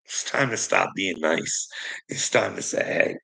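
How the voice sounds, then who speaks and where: A man's voice: deep voice, expressive, unhurried, creaky, pushed and bright, rough recording. A man delivering a heated, profane rant to his viewers, confrontational and swearing constantly. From Canada. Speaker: streamer.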